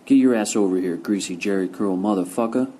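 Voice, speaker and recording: A man's voice: deep voice, fairly even intonation, brisk, a little mellow, slight background noise, close to an everyday voice. A man reading the lines of a menacing, heavyset male crime boss who growls threats and curses.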